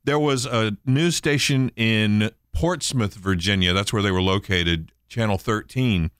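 A middle-aged man co-hosting a radio show, telling animated stories and mimicking people. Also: lowish voice, measured pace, clean tone, dry recording, studio quality. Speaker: radio co-host. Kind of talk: casual banter.

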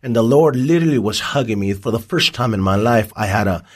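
A man's voice: fairly low pitch, animated, fast, slightly rough. A man giving a personal testimony as an interview guest, telling his story vividly. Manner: vivid storytelling, acts out dialogue.

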